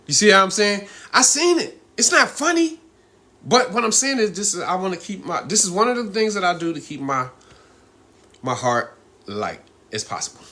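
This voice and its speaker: A middle-aged man chatting on his own live stream in a bright, forceful voice pitched a little high for a man. He rambles loosely, chuckles often and keeps checking in with his listeners. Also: very animated, normal speed. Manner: loose, rambling, laughs often, frequent "you know what I mean". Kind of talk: casual live-stream talk.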